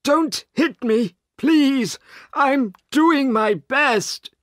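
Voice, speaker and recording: A man voicing an anxious male park manager who pleads in a high, strained voice, in a storybook reading for English learners. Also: very animated, extremely slow, fairly bright tone, dry recording, studio quality, heavily acted. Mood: pleading.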